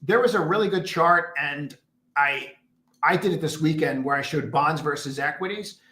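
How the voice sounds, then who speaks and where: A man hosting a casual trading livestream speaks in a slightly high, bright, forceful voice at normal speed. Rambling and emphatic, he mutters asides to his screen from a condo room whose echo fills the recording.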